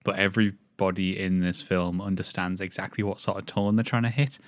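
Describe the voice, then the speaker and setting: A British man gives thoughtful, analytical takes on a film in a lowish voice. His delivery is articulate and measured, recorded dry and close. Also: flat delivery, no echo. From Britain. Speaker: film review co-host. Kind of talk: casual film review chat.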